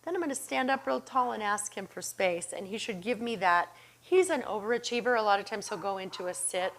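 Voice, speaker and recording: Walking through a demonstration, this woman dog trainer sounds brisk yet calm and encouraging. Her praise for the dog comes out low and gentle, while her occasional calls to him are high-pitched and excited.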